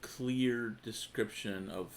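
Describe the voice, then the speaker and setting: A man's voice: fairly low pitch, slow, a little hiss or hum. A man co-hosting a casual podcast, reading scripture aloud and then commenting on it in an agreeable, plain way. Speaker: podcast co-host.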